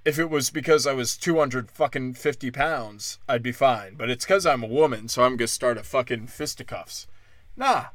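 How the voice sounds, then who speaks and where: A man doing crude stand-up, brash and profane, slipping into mocking high-pitched impressions and sounding a little tipsy. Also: moderate pace, few pauses, a bit bright, dry recording. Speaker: stand-up comic.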